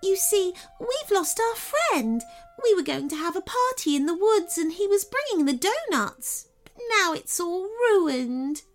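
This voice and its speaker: A woman's voice: extremely high pitch, sing-song, a little slow, voice pushed up, heavily acted. A woman voicing a small, tearful female fairy in a children's story. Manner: sniffly, sad.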